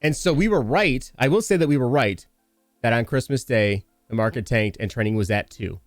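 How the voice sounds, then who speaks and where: A man hosting a casual podcast chat, telling stories fast and animatedly with frequent swearing. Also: mid-range voice, no room sound, clean studio sound, soft background music. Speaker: podcast host and streamer.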